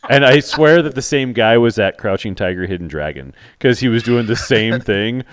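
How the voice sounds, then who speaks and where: A man co-hosting a podcast, mostly agreeing, then telling a lively anecdote. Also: medium pitch, normal speed. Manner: steady backchannel, animated when telling anecdotes. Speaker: podcast co-host. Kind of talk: casual chat.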